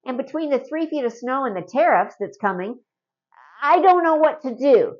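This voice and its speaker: A woman's voice: high-pitched, expressive, moderate pace, lo-fi sound. A middle-aged woman from Canada talking casually and earnestly to camera in a home vlog, often adding a rhetorical "right?". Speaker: vlogger.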